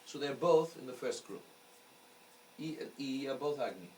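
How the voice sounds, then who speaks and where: A man's voice: medium pitch, animated, moderate pace, darkish tone. Man teaching, patient and explanatory. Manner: patient, explanatory, often checks understanding. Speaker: astrology teacher. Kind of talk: classroom lecture. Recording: distant mic with faint background noise.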